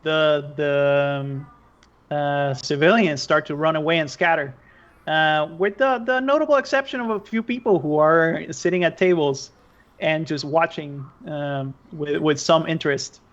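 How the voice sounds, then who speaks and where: A man's voice: on the high side, measured pace, a bit bright. A man narrating a tabletop game as game master, hesitant with many fillers. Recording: dull lo-fi stream audio.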